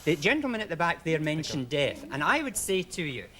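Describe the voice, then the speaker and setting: An earnest man speaks up from the audience, his voice rising and falling widely as he presses his point. He talks with steady conviction. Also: a little high, fairly quick. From Glasgow. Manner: earnest, emphatic. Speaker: audience member.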